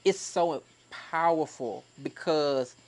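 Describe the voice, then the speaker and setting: A man who used to teach, co-hosting a podcast and telling a story in a casual, animated and heartfelt way. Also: on the high side, takes it slowly. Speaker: podcast co-host, former teacher.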